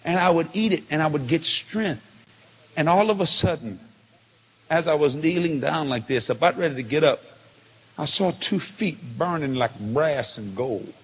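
A man preaching a testimony sermon, telling it with feeling and swinging from hushed tones to shouts. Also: a little high, animated, moderate pace, breathy edge. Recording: long hall reverb.

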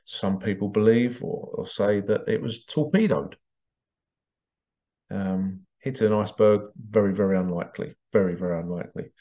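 A man's voice: fairly low pitch, moderate pace, warm tone. Rambling man, dull lo-fi audio. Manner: rambling, repeats words, chuckles between points. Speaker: vlogger. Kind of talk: casual monologue to viewers. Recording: dull lo-fi sound.

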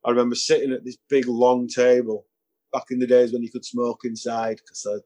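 A man's voice: mid-range voice, flat delivery, brisk, a little mellow. Male musician, anecdotal, chuckling, mimics people in his stories. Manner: anecdotal, chuckling, acts out quoted voices. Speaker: musician guest. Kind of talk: casual storytelling interview.

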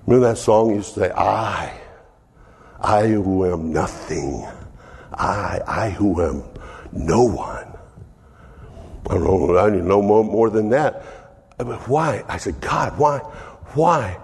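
Male pastor doing an earnest sermon, kinda breathy, big reverb-y hall. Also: on the low side, a little mellow. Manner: slow, earnest, preacherly reading with restarts. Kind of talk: sermon, Bible reading and reflection.

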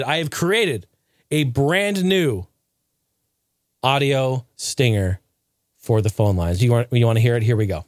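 Animated man hosting a podcast. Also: mid-range voice, no echo, studio quality. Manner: animated, swears freely when riled. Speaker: podcast host. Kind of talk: casual podcast chat.

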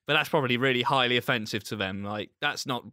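A man's voice: mid-range voice, fast, bright, forceful tone, dry recording, clean studio sound. A man co-hosting a casual podcast, self-deprecating and rambling, often restarting his sentences. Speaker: podcast co-host. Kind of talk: casual chat.

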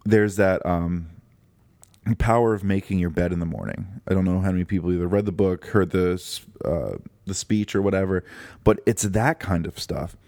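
A man's voice: sits low, moderate pace, darkish tone, no room sound, studio quality. A man hosting a solo motivational podcast talk, earnest and rambling, often correcting himself mid-sentence. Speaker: podcast host.

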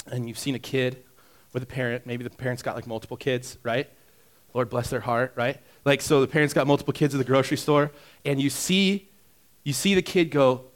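A pastor giving a conversational sermon, shifting between hushed asides and loud emphatic passages. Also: male voice. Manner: swings from hushed, intimate asides to loud, high-pitched emphasis; conversational, with fillers and direct questions to listeners.

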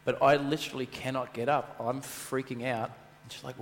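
Animated male pastor in a reverberant hall. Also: medium pitch, moderate pace, a little hiss or hum. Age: adult, married. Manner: animated storyteller, acts out voices, repetition for emphasis. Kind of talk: sermon. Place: church hall. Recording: long reverb of a church hall.

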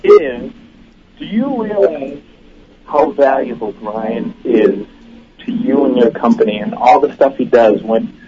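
A man's voice: medium pitch, big pitch swings, measured pace, heavy background noise. A man calling in to a show, joking and hyping up a friend. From Boston, Massachusetts. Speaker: caller. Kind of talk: call-in chat. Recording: lo-fi call with crowd behind.

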